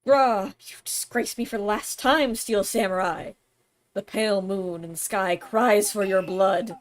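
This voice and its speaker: A woman's voice: medium pitch, a little slow, natural voice. A woman voicing a melodramatic villain from a kids' samurai TV show, declaiming grandly. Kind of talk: reading game dialogue aloud.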